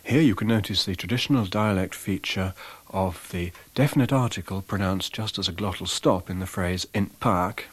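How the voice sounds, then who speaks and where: A man narrating as a lecturer, introducing examples in a measured, explanatory way with occasional fillers. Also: sits low, husky, no room sound.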